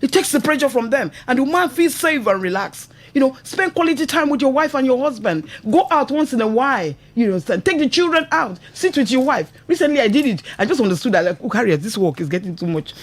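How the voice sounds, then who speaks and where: A woman's voice: high-pitched, expressive, fast, few pauses. A Nigerian woman hosting a radio talk show. She speaks with feeling and laughs often, checking in with "you understand?" as she goes. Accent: Nigerian English. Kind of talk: casual radio talk about marriage. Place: radio studio.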